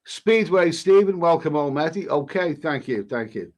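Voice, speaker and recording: Man, higher-pitched, halting chat. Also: animated. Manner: halting, frequent restarts, reads comments aloud then replies. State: coughing now and then. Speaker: travel vlogger reading viewer comments. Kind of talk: casual live-stream chat.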